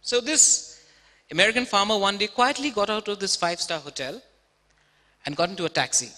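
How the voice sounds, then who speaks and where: A man in his thirties delivers an emphatic stage talk full of rhetorical questions. His voice is high and sharp, and a long reverb from the auditorium trails every phrase. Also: fairly quick. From India. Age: 30s. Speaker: speaker. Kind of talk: TEDx talk.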